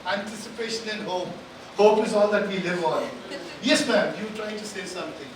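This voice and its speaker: A man giving a live stage talk and drawing out the audience, energetic and coaxing, repeating phrases for emphasis. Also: sits high, a little fast. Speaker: motivational speaker addressing an audience. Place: large conference hall. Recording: echoey hall, distant, background noise.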